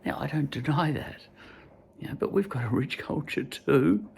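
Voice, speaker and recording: A man's voice: fairly high pitch, expressive, normal speed, creaky, a little mellow, a little hiss or hum. An Irish man giving a casual spoken book review, rambling and hesitant as he searches for his words. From Ireland.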